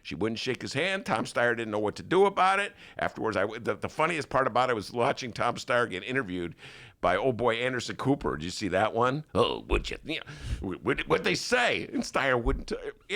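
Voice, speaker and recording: A man with a Chicago accent hosts a casual political talk show from a studio, teasing his listeners and hyping every fight. His voice swings widely in pitch, and the sound is dry and close. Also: brisk, dry recording. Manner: animated, jokey, hypes things up, does mock voices. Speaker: podcast host.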